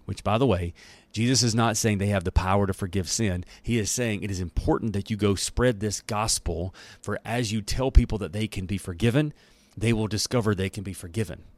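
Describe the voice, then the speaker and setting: A man with a low voice teaches through a Bible passage as a daily devotional. He talks in an upbeat, chatty way with humorous asides. The sound is close and dry. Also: no room sound. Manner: enthusiastic, conversational, with laughs and asides.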